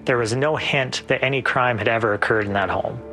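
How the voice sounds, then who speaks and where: Male police officer, measured and earnest, music bed under. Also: mid-range voice. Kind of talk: documentary interview.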